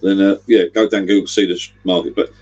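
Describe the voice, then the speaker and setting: A man's voice: sits low, little pitch movement, fast, a little mellow, dull audio. A middle-aged man, rambling chattily on a livestream. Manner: rambling, chatty, gives directions. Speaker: livestream host. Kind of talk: casual livestream chat.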